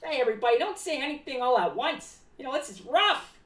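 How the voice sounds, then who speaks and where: Talking fast in a high, very animated voice, a woman voices a rambling clown live on stream. He is eccentric, calls himself by name in the third person and fears cats, and she sits far from the mic in an echoey room.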